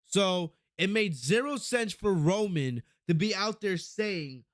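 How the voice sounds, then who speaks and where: A man hosting a casual review podcast, talking in an excitable, profane, rambling way with frequent restarts. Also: high-pitched, takes it slowly, no echo, studio quality. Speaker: podcast host.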